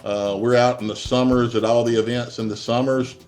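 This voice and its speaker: A man's voice: medium pitch, level tone, fairly quick, darkish tone, faint music behind. A middle-aged man, a college baseball head coach answering interview questions in a plainspoken, rambling way. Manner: rambling, many restarts, plainspoken.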